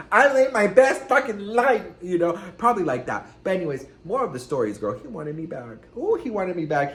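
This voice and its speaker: A man's voice: fairly high pitch, a bit bright. A man hosting a casual celebrity gossip vlog, sassy and dramatic, swearing freely, recorded with room echo. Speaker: gossip vlogger.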